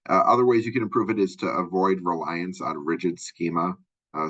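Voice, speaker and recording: A man's voice: extremely low pitch, a bit bright, slightly rough, dull audio. A male college instructor giving a conversational recorded lecture, full of fillers and asides.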